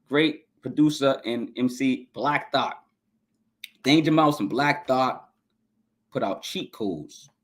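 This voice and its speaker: Male podcast host, mid pitch, enthusiastic and rambling in a casual review monologue. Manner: enthusiastic, rambling, repeats himself, stumbles over names. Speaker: podcast host ranking albums.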